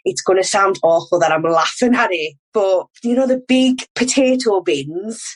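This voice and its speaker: A woman's voice: medium pitch, animated, moderate pace. A woman in her thirties, speaking frankly and at length as a podcast guest, laughing off hard memories. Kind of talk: candid personal conversation.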